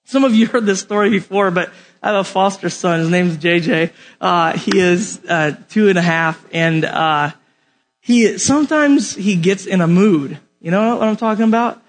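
A young man teaching a Bible lesson from an outline, animated and often asking the audience questions. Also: high voice, normal speed, slight background noise.

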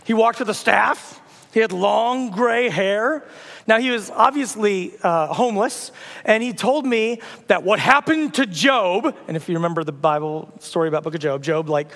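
A man's voice: high voice, fairly bright tone, long reverb tail. A man preaching a sermon in a church, telling stories in a casual, conversational way with humor. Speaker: pastor. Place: church auditorium.

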